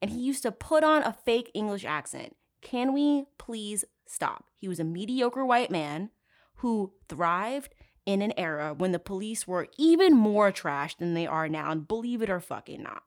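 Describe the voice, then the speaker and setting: Woman host for a true crime chat podcast, middle pitch, profane, sarcastic, quick to laugh and to get outraged. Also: sing-song. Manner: swings between loud outbursts and low asides. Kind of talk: casual true crime storytelling.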